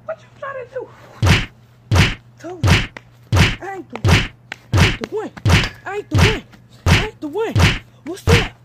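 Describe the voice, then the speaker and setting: A woman playing a hot-tempered teen girl who picks fights, loud and confrontational and repeating her taunts. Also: very high-pitched, lively intonation, moderate pace, heavy background noise, pitched above the performer's own voice. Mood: defiant.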